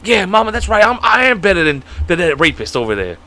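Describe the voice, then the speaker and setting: A man's voice: high voice, big pitch swings, fast, pushed and bright, pitched above the performer's own voice, full character voice. A man voicing a doting country mother with an American country accent, proud of her son.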